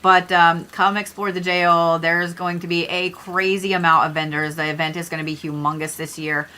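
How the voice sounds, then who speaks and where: A chatty young woman talks to her livestream viewers, rambling from one thing to the next and dropping the odd swear word. Her voice comes across bright and forward, close on a desk mic. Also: on the low side, level tone, normal speed. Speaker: livestream host, astrology reader. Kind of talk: casual livestream chat.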